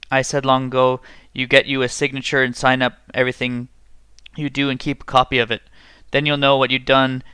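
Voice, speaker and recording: Brief: man voicing grim convict, flat delivery, crisp resonant tone, story reading. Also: mid-range voice, no echo, natural voice. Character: menacing male escaped convict, brooding.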